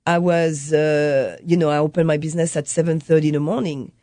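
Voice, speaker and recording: A woman's voice: low voice, steady tone, a little fast, dark tone, no echo, studio quality. A woman, a coffee shop owner who speaks as a guest in a casual interview chat and acts out customers and her son as she tells stories. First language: French.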